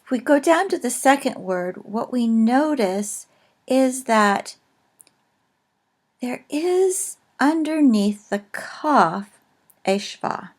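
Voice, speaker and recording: A woman teaching a recorded lesson, explaining slowly and carefully with frequent pauses. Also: on the high side, expressive. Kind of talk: recorded lecture on a language.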